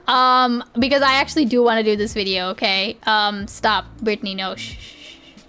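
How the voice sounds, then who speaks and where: A woman's voice: on the high side, expressive, moderate pace, bright, forceful tone, smooth. A young woman streaming live, chatting casually in a giggly, rambling way with lots of restarts. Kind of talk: casual livestream chat.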